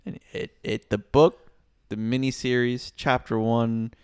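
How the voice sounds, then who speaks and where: A man co-hosting a podcast in casual chat, talking in quick lively bursts and swearing casually. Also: medium pitch, smooth. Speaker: podcast co-host.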